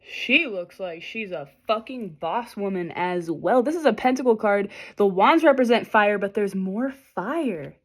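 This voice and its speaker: A young woman giving a casual, animated tarot reading straight to her viewers, swearing freely and talking directly to them. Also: medium pitch, measured pace, hardly any pauses. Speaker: tarot reader.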